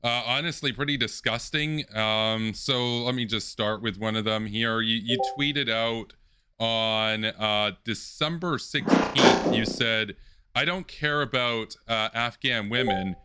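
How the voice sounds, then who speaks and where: A man hosting an online political debate, speaking in a measured way with many filler ums and uhs. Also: mid-range voice, noisy background. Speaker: debate host.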